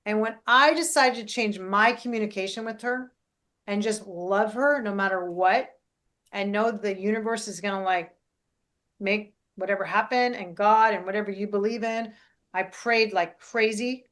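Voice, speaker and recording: A middle-aged woman, a life coach and podcast host, talking in a casual, animated way and often checking in with "right?". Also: medium pitch, normal speed. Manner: animated, keeps adding "right?".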